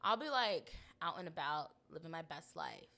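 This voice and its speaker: A woman's voice: low-pitched, huge pitch swings, moderate pace, bright, forceful tone. A young woman co-hosting a podcast in casual chat, blunt and slangy, laughing often. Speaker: podcast co-host.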